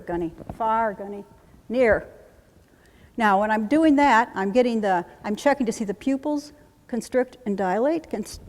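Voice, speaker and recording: A woman trainer demonstrating a trauma-relief technique, calmly repeating soothing reassurances in a steady chant. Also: medium pitch. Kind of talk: instructional demonstration. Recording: long reverb.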